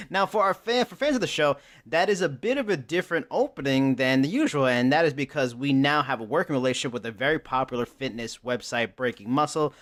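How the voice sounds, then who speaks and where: A man's voice: medium pitch, a little fast, a bit bright. A man hosting a podcast, chatting casually with a jokey, upbeat announcer-style delivery. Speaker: podcast host.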